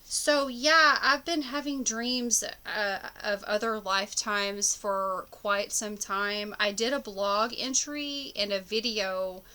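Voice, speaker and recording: A woman's voice: medium pitch, slow pace, few pauses, bright, forceful tone. A woman talking casually to camera about her dreams, rambling with many fillers and restarts. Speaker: spiritual vlogger. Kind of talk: casual personal monologue.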